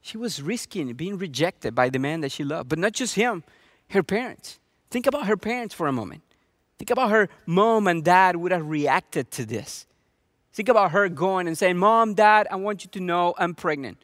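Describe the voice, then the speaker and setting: High-voiced male preacher, earnest. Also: animated, normal speed, fairly bright tone, dry recording, studio quality. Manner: earnest, with many rhetorical questions. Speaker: pastor. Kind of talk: sermon.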